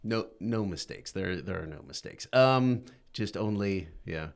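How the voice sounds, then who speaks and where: A man's voice: sits low, animated, a little slow, creaky. A man in his forties hosting a casual interview, wry and self-deprecating, laughing often. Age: 40s. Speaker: interview host.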